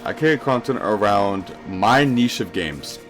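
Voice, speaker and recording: A man's voice: fairly low pitch, animated, a little slow, soft background music. A young man streaming a game live, rambling casually and answering questions from his chat as he plays.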